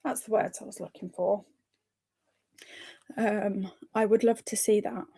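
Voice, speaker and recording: A woman's voice: medium pitch, fairly even intonation, a little slow, gravelly, dark tone, breathy edge. A woman hosting a reading livestream, chatting casually, reading viewer comments aloud and encouraging them with frequent small laughs. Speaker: livestream host of reading sprints.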